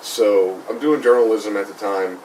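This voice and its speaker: A young man with a lowish, slightly mellow voice and fairly even intonation tells a comedic ghost story on his podcast at a moderate pace. It's rambling and heavy on "like," picked up by a somewhat distant mic with faint noise.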